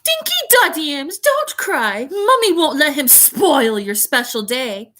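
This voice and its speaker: Woman reading a sharp-tongued, doting snob of an aunt; high and bright, drawn-out delivery. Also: very animated, heavily acted. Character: shrill, doting snobbish aunt.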